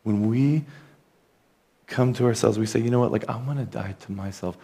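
A man delivering a sermon from the pulpit. His voice sits a little low, and his preaching is earnest but relaxed and conversational, with casual asides. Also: normal speed, gravelly, husky. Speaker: pastor.

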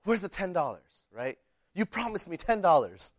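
A man voicing an indignant second-grade boy protesting loudly. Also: sits high, very animated, moderate pace, no room sound, clean studio sound, pitched above the performer's own voice. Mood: outraged. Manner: protesting, outraged.

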